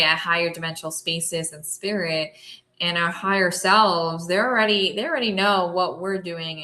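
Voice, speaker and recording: A woman's voice: fairly low pitch, bright, forceful tone. A woman co-hosting a podcast in casual chat, talking freely and reading out viewer questions. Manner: chatty, laughs often, reads out viewer questions. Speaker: podcast co-host.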